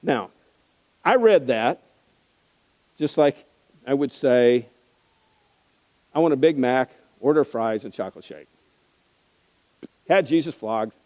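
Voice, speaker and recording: A male pastor preaching a conversational sermon that swings between hushed, grave moments and impassioned emphasis. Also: medium pitch, lively intonation, takes it slowly, pauses often, long reverb tail, poor audio.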